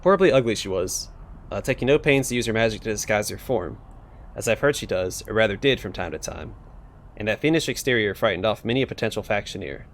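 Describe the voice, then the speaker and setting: A man's voice: fairly low pitch, animated, quick pace, slight background noise. A man voicing a languid, bored talking skull of a pleasure-seeker, in a sultry, languorous manner. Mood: storytelling.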